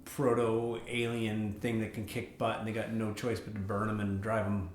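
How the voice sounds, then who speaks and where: A man's voice: on the low side, completely flat delivery, moderate pace, crowd noise. A man chatting loosely on a film podcast, rambling and hesitant with many fillers. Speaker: podcast co-host. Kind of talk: casual film review chat. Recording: echoey room.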